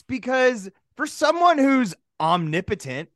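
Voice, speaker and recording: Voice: mid-range voice, sing-song, normal speed, pushed and bright, no room sound, studio quality. A podcast co-host chatting casually, rambling through restarts and slipping into mock voices. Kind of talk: casual chat.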